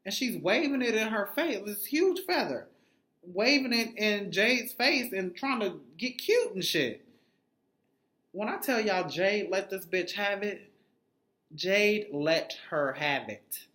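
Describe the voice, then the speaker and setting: A man recapping a reality TV episode in an animated, sassy, heavily profane gossip style. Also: high-pitched, slow. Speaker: TV recap vlogger. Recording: roomy echo.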